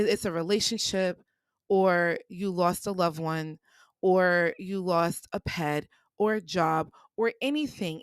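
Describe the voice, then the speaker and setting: A woman's voice: lowish voice, no room sound. A woman hosting a personal podcast, telling a story in a candid, casual way, often repeating herself as she talks through her grief. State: grieving. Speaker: podcast host.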